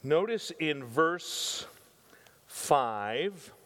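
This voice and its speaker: A man's voice: fairly high pitch, big pitch swings, very slow, a bit bright. Older man, pastor, conversational sermon, emphatic repeats, rhetorical questions, long church-hall reverb.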